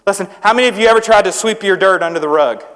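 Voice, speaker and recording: Youth preacher, young man, high voice, chatty and joking with students, church hall with a long echo. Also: racing, a bit bright. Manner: conversational, humorous, asks the crowd questions. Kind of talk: sermon to students. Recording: echoey hall with long reverb.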